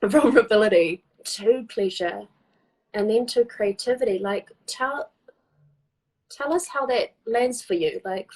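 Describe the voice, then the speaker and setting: Woman host of a livestream, husky, effusive and chatty, heard over a video call. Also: on the high side, measured pace, a little mellow, poor audio. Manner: gushing, effusive, many fillers. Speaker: host of a live interview series. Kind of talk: casual chat on a live stream.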